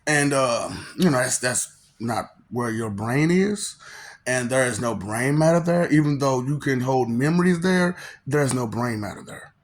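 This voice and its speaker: A man's voice: medium pitch, lively intonation, a little slow. Laughing, swearing man with a loose rambling ramble. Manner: laughs often, profane, swings from loud to muttered; makes mouth sound effects. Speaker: monologue host. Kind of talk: rambling casual monologue.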